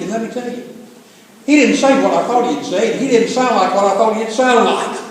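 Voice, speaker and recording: A man's voice: high-pitched, slight background noise. An older man from the American South, a pastor telling a story in a folksy, joking sermon. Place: large church sanctuary. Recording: echoey hall from far off.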